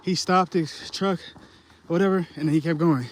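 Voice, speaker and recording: A man's voice: a little high, steady tone, moderate pace, a little hiss or hum. A young man talking casually to the camera on an outdoor hunting hike, out of breath and rambling in slang. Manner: rambling, slangy, talks to camera while hiking. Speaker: hunting vlogger.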